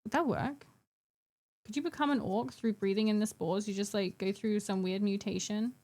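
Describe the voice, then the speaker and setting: A woman's voice: mid-range voice, moderate pace, darkish tone. A young adult woman chatting casually with her live-stream chat while painting miniatures, giggling and bantering playfully.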